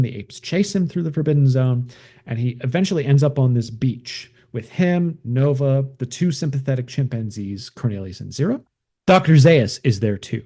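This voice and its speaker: A man's voice: mid-range voice, warm tone. A man hosting a show, casually retelling a film plot in a rambling way with lots of fillers. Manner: rambling, heavy use of fillers. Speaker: podcast host. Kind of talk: casual movie recap.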